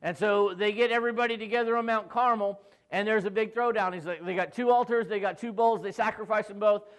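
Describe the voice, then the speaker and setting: Male pastor with a high voice, casual storyteller who acts out the quotes and jokes with the church. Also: fairly even intonation, fast, smooth. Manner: jokey, acts out quoted voices with asides to the congregation.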